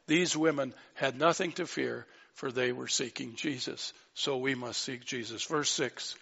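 Fervent gravelly preacher in a hall. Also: male voice, mid-range voice, unhurried, few pauses, bright, forceful tone. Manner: fervent, rising to exclaim scripture. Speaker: pastor. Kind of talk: sermon. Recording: dull sound in a reverberant hall.

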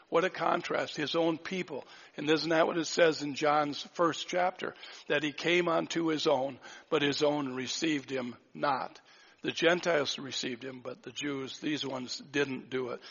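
Husky-voiced man preaching a sermon, lo-fi. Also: a little high. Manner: earnest, reflective, rhetorical questions, drops to soft voice. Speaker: pastor. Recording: dull lo-fi recording.

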